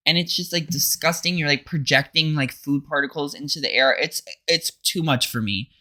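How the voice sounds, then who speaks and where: A young man co-hosting a comedy podcast, telling stories in a camp, animated way with acted quotes. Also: on the high side, moderate pace. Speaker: podcast co-host. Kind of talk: casual comedic chat.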